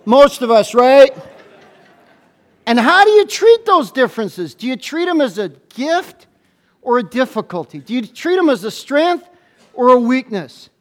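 A man preaching a sermon as a pastor to a congregation in church, animated and playful, often stumbling into quick restarts. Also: extremely high pitch.

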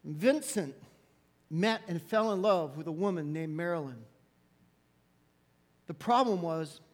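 A man preaching a sermon, telling a story dramatically and dropping to hushed soft lows. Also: big-room sound.

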